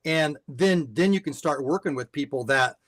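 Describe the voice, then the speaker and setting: A man's voice: fairly high pitch, moderate pace, fairly bright tone, dry recording. Older man telling a heartfelt story. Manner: repeats words as he restarts, heartfelt. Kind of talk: earnest podcast storytelling.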